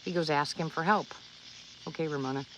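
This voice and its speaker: A woman's voice: low-pitched, fairly quick, slight background noise, poor audio. Rambling woman chatting outdoors at night. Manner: rambling, earnest, restarts often. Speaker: livestream vlogger. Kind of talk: casual storytelling to viewers.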